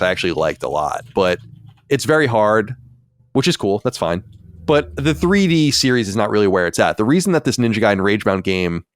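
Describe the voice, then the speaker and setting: A man's voice: on the low side, clean tone, no echo, clean studio sound. A man in his forties hosting a podcast, chatting casually in a rambling, candid way, full of fillers and asides. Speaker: podcast host.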